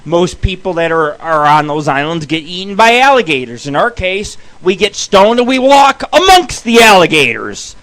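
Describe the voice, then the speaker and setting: Male radio host, bright forceful tone, rambling foul-mouthed storyteller. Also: high voice, big pitch swings, normal speed, few pauses, poor audio. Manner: rambling, swears constantly, shouts punchlines. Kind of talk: profane comic storytelling.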